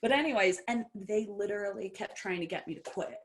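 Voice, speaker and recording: Animated woman telling wrestling stories. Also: medium pitch, fairly quick. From Brazil. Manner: animated, acts out quoted dialogue. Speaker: podcast guest, professional wrestler. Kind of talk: casual storytelling interview.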